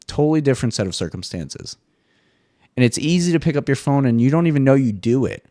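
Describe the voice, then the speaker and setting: A man hosting a casual solo podcast monologue, swearing freely and jumping into high mock voices now and then. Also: expressive, fast talker, mellow, dry recording, studio quality. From US East Coast. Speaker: podcast host.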